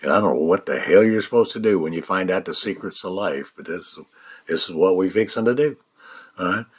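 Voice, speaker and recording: A man's voice: sits low, slightly rough. A man, guiding an eyes-closed mind exercise in a folksy way, checking in with "all right?" again and again. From United States. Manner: slow, soft-spoken guidance. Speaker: author teaching a mind exercise.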